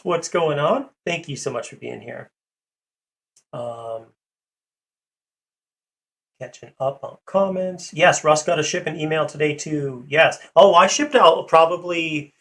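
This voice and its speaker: A man with a gravelly voice, pitched a little high, hosts a casual livestream. He rambles with lots of ums and uhs while greeting viewers and answering chat. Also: a bit bright. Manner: rambling, full of fillers, greets and reads chat. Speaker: livestream host.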